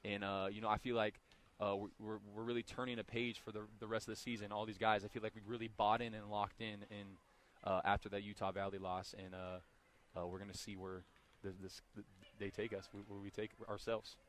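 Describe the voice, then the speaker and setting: A young man, a college basketball player, giving a postgame interview while still out of breath, talking in a relaxed, rambling way with lots of fillers. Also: fairly low pitch, a little fast. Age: young adult.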